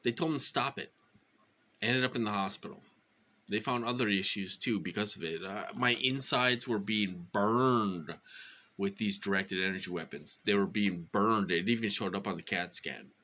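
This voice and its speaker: A man rambling casually to his viewers, full of fillers and repeated phrases, his voice jumping high when he acts out what others said. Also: animated, normal speed, pushed and bright. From Minnesota. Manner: rambling, with many fillers and repetitions. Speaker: vlogger. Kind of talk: casual monologue to camera.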